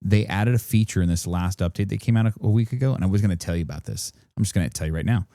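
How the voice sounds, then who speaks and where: A man's voice: lowish voice, racing, warm tone, no room sound. A man co-hosting a casual podcast, explaining things at length with lots of fillers into a studio microphone. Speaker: podcast co-host.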